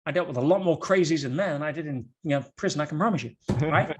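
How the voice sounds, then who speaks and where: A man talking as a guest on a podcast, telling stories in an animated way with rhetorical questions and quick restarts. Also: fairly high pitch, background noise. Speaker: podcast guest, motivational speaker. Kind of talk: podcast conversation.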